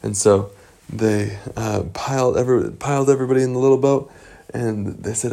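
Gravelly man telling a made-up story. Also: medium pitch, fairly even intonation, dark tone. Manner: rambling, halting with fillers. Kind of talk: improvised bedtime story.

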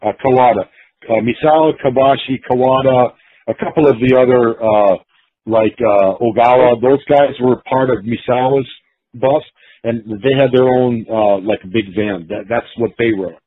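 In a casual storytelling interview, a man who once wrestled professionally speaks at normal speed in a slightly rough, mid-range voice. He wanders through his tales with many fillers and restarts, over a dry, narrowband, phone-like recording.

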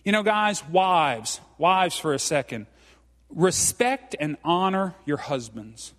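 A man's voice: fairly high pitch, animated, slow, a bit bright. A middle-aged man preaching a folksy sermon, often checking in with "okay?" and calling the congregation "guys". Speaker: pastor. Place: church sanctuary. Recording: long hall reverb.

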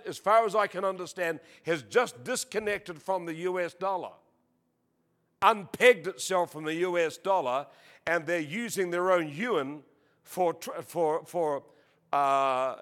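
Aussie preacher guy, fairly high voice, jokey, keeps saying hallelujah. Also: a bit bright. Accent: Australian. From Australia. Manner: jokey, peppered with exclamations of praise; reads scripture slowly and emphatically. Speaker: visiting preacher. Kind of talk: sermon.

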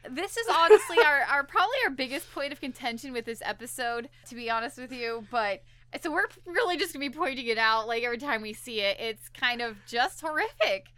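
A young woman talks through a show's plot for her podcast in a lively, casual way, popping into quick voices for each character. Her voice is bright and sits a little high. The recording is dry and close. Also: no echo. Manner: animated, acts out characters' lines while retelling. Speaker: podcast co-host. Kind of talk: casual chat recapping an episode.

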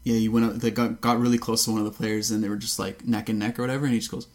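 A man's voice: fairly low pitch, level tone, racing, a little mellow. A young man, co-hosting a podcast in a laid-back, teasing way and swearing casually. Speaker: podcast co-host. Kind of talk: casual chat.

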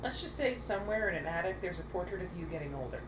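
A woman's voice: on the low side, animated, fast talker. A woman co-hosting a podcast in casual chat, teasing and sarcastic. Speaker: podcast co-host. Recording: echoey room with clear background noise.

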